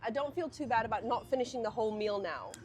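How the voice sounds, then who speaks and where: A young Australian woman talks in a relaxed podcast chat, her voice pitched a little high. She keeps it lively and keeps dropping into other people's voices. Faint noise sits under the recording. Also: quick pace. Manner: lively, jumps into quoted voices. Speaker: podcast co-host. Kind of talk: casual chat.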